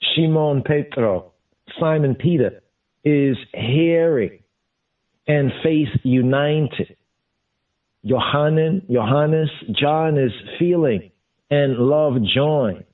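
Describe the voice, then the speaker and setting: A man teaching scripture in a deliberate way, repeating and glossing each term as he goes. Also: on the high side. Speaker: Bible teacher. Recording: distant, phone-like lo-fi sound.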